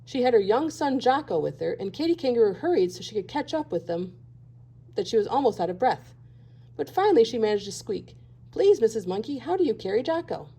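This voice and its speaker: A woman teacher reading a children's picture book aloud with gentle expression. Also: a little high, very animated, brisk, husky. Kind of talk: children's storybook read-aloud.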